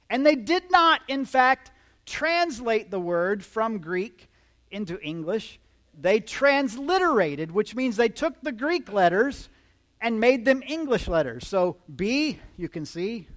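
A male pastor preaching a teaching sermon to a congregation, lively and explanatory with joking asides to the listeners. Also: sits high. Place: church before a live congregation.

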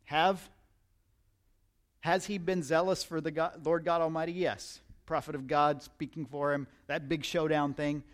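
A man's voice: fairly high pitch, little pitch movement, unhurried. A man preaching a sermon in a conversational, emphatic way, often repeating words as he starts a thought. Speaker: pastor.

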